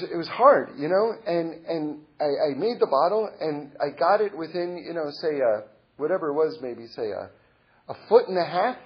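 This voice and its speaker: A middle-aged man sharing a personal story as a religious lesson, earnest and reflective, halting with many repeated words and restarts. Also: high voice, husky, dull audio.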